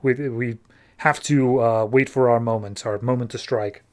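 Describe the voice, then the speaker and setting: A zealous vampire hunter, voiced by a man, speaking low and fervent, fully sure of his mission. The delivery is flat and earnest, barely changed from a casual talking voice. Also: normal speed, lightly acted. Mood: solemn. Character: grim male vampire hunter, zealous and self-righteous.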